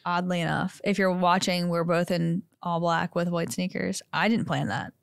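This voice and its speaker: A woman's voice: fairly low pitch, steady tone, moderate pace, creaky, clean tone, no echo. Playful woman hosting a podcast. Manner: playful, teasing, laughs often. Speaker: podcast host. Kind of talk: casual podcast interview.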